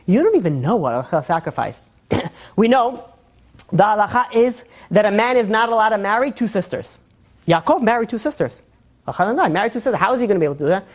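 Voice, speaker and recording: A woman's voice: medium pitch, darkish tone. A woman with a Brooklyn Jewish accent teaching an informal Torah class, conversational and full of restarts and fillers.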